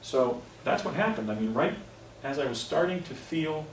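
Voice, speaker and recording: A man's voice: on the high side, animated, normal speed. A man in his fifties giving a lecture presentation, rambling with frequent restarts and digressions. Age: 50s. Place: lecture hall. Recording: echoey room, distant mic, faint noise.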